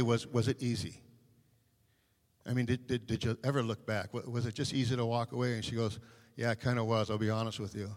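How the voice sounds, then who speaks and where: A man speaking as a personal evangelist, telling a story in casual talk with many fillers and restarts. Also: medium pitch. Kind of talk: casual testimony in a panel discussion. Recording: long hall reverb.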